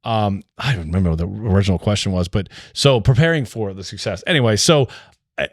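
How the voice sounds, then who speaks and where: Brewery co-founder man, low voice, loose storyteller full of fillers and restarts. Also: quick pace, no echo, clean studio sound. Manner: rambling, filler-heavy, restarts a lot. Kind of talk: casual podcast storytelling.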